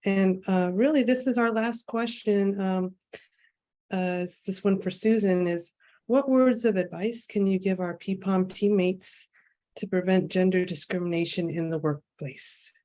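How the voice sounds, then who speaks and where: A woman's voice: mid-range voice, measured pace, dark tone. A woman moderator affirming an answer and reading the last question. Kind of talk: panel moderation.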